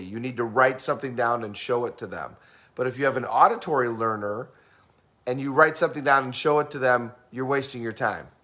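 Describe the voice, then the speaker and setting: A man in a casual teaching talk who explains communication styles, asks the listener questions and acts out fast and slow talkers. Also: mid-range voice, a bit bright.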